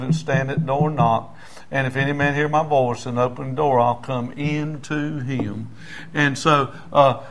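A man's voice: mid-range voice, fairly bright tone. A man, preaching and telling a story in a folksy way, full of "I said, he said" and building to fervent emphasis. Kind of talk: testimony story in a sermon.

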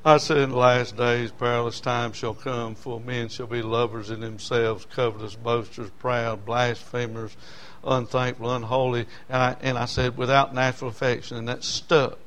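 A man's voice: mid-range voice, level tone, normal speed, few pauses, a bit bright. A male preacher with a drawl delivers a sermon full of homespun testimony. His voice sits in an ordinary middle register, and he talks in a folksy, storytelling way. He climbs to emotional peaks as the stories build.

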